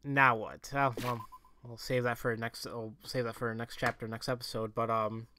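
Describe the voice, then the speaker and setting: A man doing casual let's play commentary, excitable and prone to shouting, then rambling with restarts as he reflects. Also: medium pitch, moderate pace, noisy background. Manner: excitable, breaks into shouts and laughter. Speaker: let's player.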